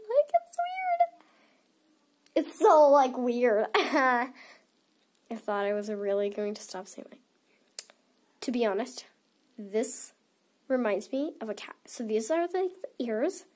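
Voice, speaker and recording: A woman's voice: a little high, lively intonation, unhurried, pauses often, darkish tone. A teenage girl chatting to camera as she unboxes toys, giggling and rambling with a stuffy nose. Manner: giggly and rambling, many "like" fillers. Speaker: toy unboxing vlogger. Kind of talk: casual chat to camera.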